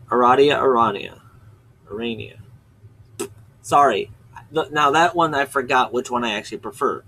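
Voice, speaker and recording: The video host's medium-pitched voice has a fairly bright tone, and the rough recording carries slight background noise. He chats casually through a webcomic summary, rambling off topic and often correcting himself.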